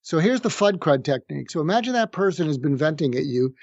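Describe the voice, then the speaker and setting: A middle-aged man with a somewhat high voice explains conflict techniques calmly and methodically, slowing down to act out example lines. The sound is dry and a little muffled, as if over a remote link. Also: vocal fry, no room sound. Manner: calm, explanatory, acts out sample phrases slowly. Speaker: psychiatrist guest. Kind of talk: conversational podcast interview. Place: room with street noise outside.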